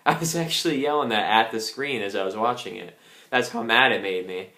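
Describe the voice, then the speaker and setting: A man's voice: mid-range voice, a little fast, bright, forceful tone. Angry young man ranting in a roomy echo. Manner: angry, ranting, swears a lot. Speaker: wrestling reviewer. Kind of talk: casual ranting review.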